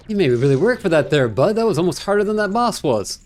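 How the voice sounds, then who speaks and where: Lively guy doing lets-play commentary, jokey and rambly, pitch jumps all over, quiet game music behind. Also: fast talker, hardly any pauses. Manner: excitable, jokey, rambling, panicky outbursts. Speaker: gaming channel host. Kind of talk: casual let's-play commentary.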